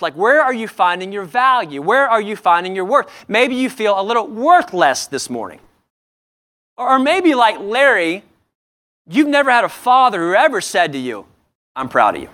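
A man with a high voice preaches a sermon in church. He is earnest and keeps asking his listeners questions, often repeating and restarting his phrases. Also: big pitch swings, moderate pace, bright, forceful tone. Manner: earnest, asks the congregation many rhetorical questions. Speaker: pastor.

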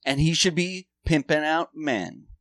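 A man's voice: a little high, a little slow, fairly bright tone, no echo, studio quality. A man telling rambling, profane stories in a casual chat.

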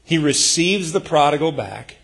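A man's voice: fairly high pitch, lively intonation, normal speed, creaky, a bit bright. A male pastor preaching in a church, talking in an earnest, conversational way with emphatic bursts. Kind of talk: sermon.

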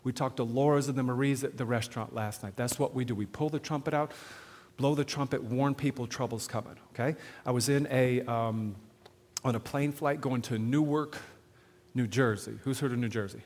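A man preaching to a live audience on sharing faith, animated, often asking the crowd questions and checking in with "okay?". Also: medium pitch, moderate pace, slight background noise. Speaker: evangelism speaker. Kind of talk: sermon-style teaching to an audience. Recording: long hall reverb.

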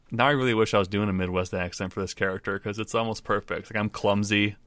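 Chill guy player, kinda low voice, laughs at himself, dry close sound. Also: fairly even intonation, normal speed, fairly bright tone, no room sound. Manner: easygoing, giggly, self-mocking. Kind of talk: casual tabletop game chat.

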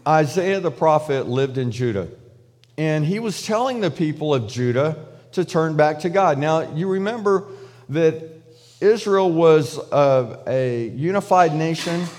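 A man's voice: fairly high pitch, a little mellow, in a large hall. A man preaching a sermon in a loose, conversational way, with frequent restarts and fillers, acting out prayers in paraphrase. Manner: acts out prayers and God's replies in paraphrase. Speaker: pastor.

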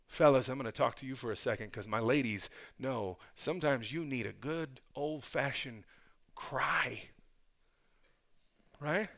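Bright-voiced man preaching a sermon. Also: mid-range voice, a little slow. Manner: conversational preaching that swings from hushed to loud and fervent; casual asides to the congregation. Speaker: pastor.

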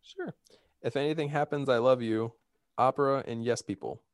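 A man's voice: medium pitch, steady tone, fairly quick, smooth, no echo, studio quality. A man hosting a casual podcast chat, reading out award nominees and laughing often. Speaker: podcast host.

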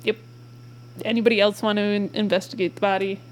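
A young woman running a tabletop game as game master, describing scenes casually with many fillers and pauses. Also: mid-range voice, flat delivery, a little hiss or hum.

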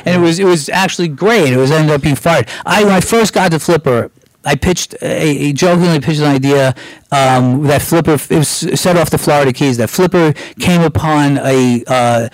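A man's voice: fairly high pitch, dry recording, rough recording. A middle-aged American man, a guest screenwriter, casually telling anecdotes with lots of restarts and acted-out quotes.

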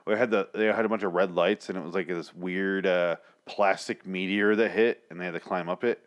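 A man's voice: sits low, fairly even intonation, fairly quick, dull audio. A man co-hosting a podcast, bantering casually with crude, sarcastic jokes and frequent laughter. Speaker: podcast co-host.

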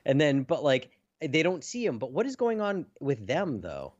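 A man's voice: on the high side, wildly swooping pitch, moderate pace, a little mellow, no room sound, highs cut off. A man chatting casually about a comic book on a podcast, loose and hesitant, saying "like" a lot. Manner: loose, hesitant, says "like" often. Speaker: podcast co-host.

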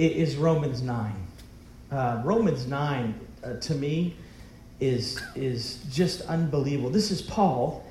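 A man's voice: medium pitch, darkish tone, slight background noise. Emphatic preaching man, echoey room. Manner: emphatic preaching with rhetorical questions. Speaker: pastor. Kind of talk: sermon.

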